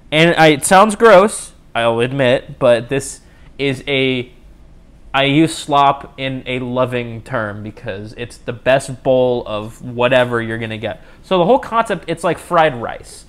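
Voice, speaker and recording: Young man, solo podcast host, casual rambling chat, self-mocking jokes, lively up-and-down pitch. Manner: rambling, jokey, self-mocking, frequent restarts.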